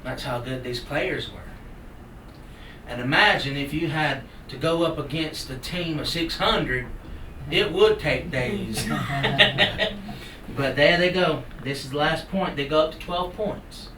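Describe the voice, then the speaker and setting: A man from the Cherokee Nation telling a traditional story to a live audience in a folksy, animated way with playful sound effects. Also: on the high side, measured pace. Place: live salon event. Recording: roomy hall from far off. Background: audience laughter and room noise.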